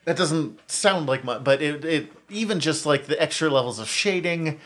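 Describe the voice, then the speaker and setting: A man's voice: on the high side, animated, moderate pace, fairly bright tone. A man co-hosting a podcast, talking in an enthusiastic, opinionated and rambling way with plenty of fillers. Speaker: podcast co-host. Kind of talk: casual chat.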